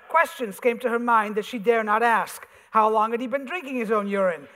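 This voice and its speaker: A man, an author, reading his comic essay aloud on a theater stage with wry, animated storytelling. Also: extremely high pitch, fairly quick, hardly any pauses. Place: theater stage before an audience. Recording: reverberant theater hall.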